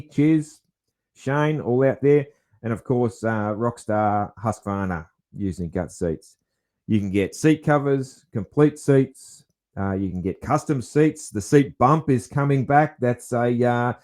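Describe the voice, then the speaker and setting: A man's voice: mid-range voice, dark tone. A man hosting a podcast, talking in a rambling, chuckling way with many restarts. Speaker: podcast host. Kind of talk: casual chat.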